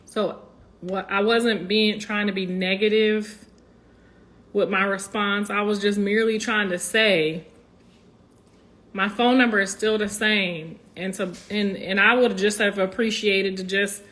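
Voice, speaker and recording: A middle-aged woman and grandmother talks casually to her viewers, halting and rambling with many "you know" restarts, earnest and apologetic but defensive. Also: mid-range voice, fairly even intonation, fairly bright tone. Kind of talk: casual talk to camera.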